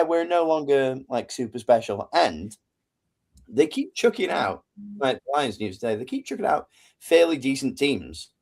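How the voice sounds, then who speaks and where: A man's voice: mid-range voice, a little mellow. A man, co-hosting a casual sports podcast with rambling, joking banter. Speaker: podcast co-host. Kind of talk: casual chat.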